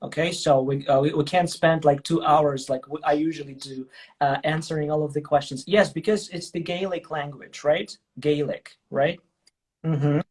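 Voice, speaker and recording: A man's voice: a little high, fairly even intonation, moderate pace, a little mellow, breathy edge. A man hosting a casual interview, chatty and loose in how he talks. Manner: chatty, many fillers and restarts. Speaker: host.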